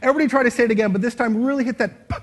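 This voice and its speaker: A man's voice: very high-pitched, rapid-fire. A man speaking on stage to a live audience, leading a playful speaking exercise and acting out different ways of saying lines. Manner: playful, demonstrative, shifts voice to show expression. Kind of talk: interactive stage talk.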